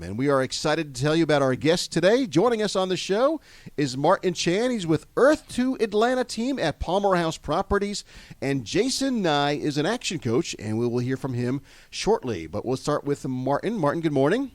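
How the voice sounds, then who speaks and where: Upbeat male talk radio host, high-ish animated voice, dry studio mic. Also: normal speed, dry recording. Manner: upbeat, lively delivery with ad reads. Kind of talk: live business radio interview.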